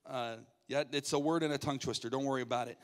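A man, a pastor, playfully hosting a game from the stage, coaxing people up with quick jokey asides. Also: medium pitch, fairly even intonation. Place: church sanctuary. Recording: reverberant church hall.

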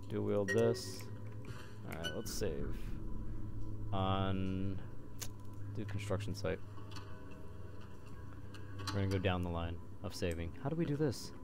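Young gamer, low voice, yelps and swears through scares, background noise audible. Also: male voice, slow pace, creaky, pauses often. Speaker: gameplay commentator. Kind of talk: horror game let's play commentary.

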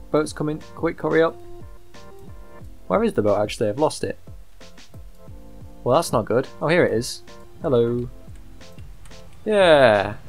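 A man giving casual, chatty commentary while playing a game, thinking aloud with excitable outbursts. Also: mid-range voice. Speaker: gaming YouTuber. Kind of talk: casual let's-play commentary.

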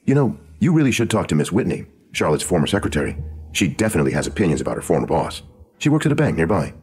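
A man voicing a sharp, sardonic woman screenwriter of the 1920s in a true crime audio drama, with a dry, knowing manner. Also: deep voice, very animated, fast, husky, exaggerated voice. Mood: wry.

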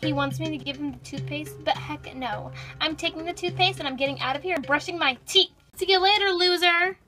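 Girl doing a sassy scheming wife, high bright voice, faint music. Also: a little fast. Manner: sassy, mocking. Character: toy pet playing a scheming, fed-up young wife. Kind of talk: toy role-play video.

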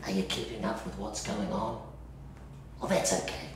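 A man's voice: on the low side, steady tone, normal speed, heavy background noise, lightly acted. A man playing a hospital orderly obsessed with history, telling his story to the audience in a solo stage play. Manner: wry, confiding storyteller. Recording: echoey stage from far off.

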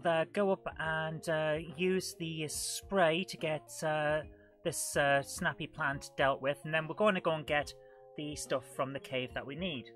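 A woman talks a live retro game stream, chatty and self-mocking as she greets viewers in the chat. Her voice is bright and forward, with faint music playing behind her. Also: low voice. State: coughing and out of breath. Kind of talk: live gameplay commentary.

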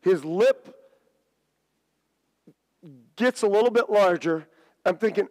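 A middle-aged man preaching a sermon, telling a story with stammers and restarts and big swings in pitch. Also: slow, long pauses, a little mellow. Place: church sanctuary. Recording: church hall reverb.

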